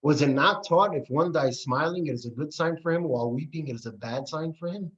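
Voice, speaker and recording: A man's voice: on the high side, brisk. A man teaching a class on Jewish texts, reading passages aloud and explaining them earnestly. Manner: earnest, animated, reads and paraphrases text aloud. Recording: dull lo-fi recording.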